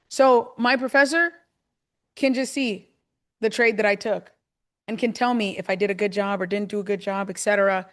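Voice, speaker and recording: A woman hosting a live stream, chatty and excitable, talking viewers through a trading demo step by step. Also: mid-range voice. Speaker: host.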